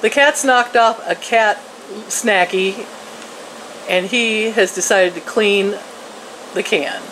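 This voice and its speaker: A woman's voice: mid-range voice, slow, a bit bright, slight background noise, rough recording. An older woman chatting casually to her viewers from home in a folksy way, laughing often and talking to her pets. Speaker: vlogger. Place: home, indoors and out in her yard.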